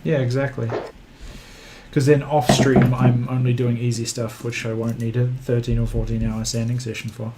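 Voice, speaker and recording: A man's voice: mid-range voice, flat delivery, moderate pace. A man with a New Zealand accent hosting a livestream, chatting casually and joking at his own expense while he works on a model kit. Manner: joking, self-mocking. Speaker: livestream host. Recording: clear background noise.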